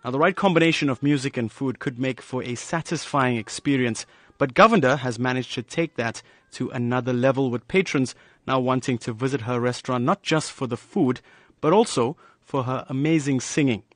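A male reporter reads a cheerful news feature in a smooth, even voice of middle pitch. The voice-over is close and very dry, with no room sound at all. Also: brisk, no room sound. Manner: polished, upbeat feature delivery. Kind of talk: scripted news narration.

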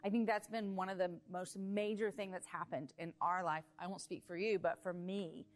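A woman guest speaks candidly and reflectively in a sit-down interview. Her voice sits a little low for a woman. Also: steady tone, normal speed. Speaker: guest, adoptive mother. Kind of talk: conversational interview.

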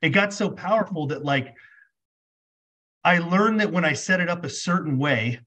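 Speaking at normal speed in a voice on the high side, a male podcast guest shares a personal story in a relaxed way. An animated storyteller, he voices both sides of the dialogue and leans heavily on "like."

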